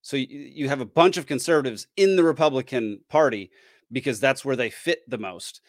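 Halting podcast host, dry close voice. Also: male voice, medium pitch, no room sound. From Georgia, US. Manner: halting, many fillers and restarts. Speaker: podcast host reacting to a clip. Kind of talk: casual commentary.

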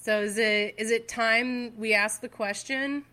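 A woman's voice: a little high, steady tone, measured pace, pushed and bright. A woman hosting a casual movie podcast, agreeing with her co-hosts and moving the talk to the next question. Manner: agreeable, leads the segments. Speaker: podcast host. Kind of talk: casual film discussion.

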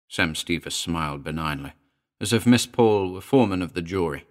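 Deep-voiced man narrating a story. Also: expressive, normal speed. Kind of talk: scripted audiobook narration.

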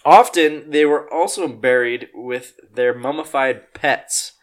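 A man's voice: mid-range voice, slow pace, a crowd in the background. A young man from Utah co-hosting a casual podcast, playful and teasing, laughing and swearing freely. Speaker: podcast co-host.

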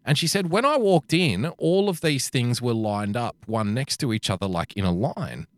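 A man tells a story in a loose, profane chat, doing little voices for the people in it. His pitch swoops widely as he goes, and the sound is dry and close. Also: moderate pace, dry recording. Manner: swearing, animated storytelling with quoted voices.

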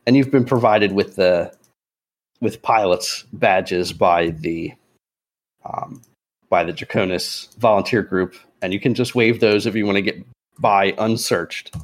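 A man running a tabletop role-playing game as game master, narrating in a relaxed way with frequent pauses and chuckles. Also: fairly low pitch. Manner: relaxed, chuckling, hesitant fillers.

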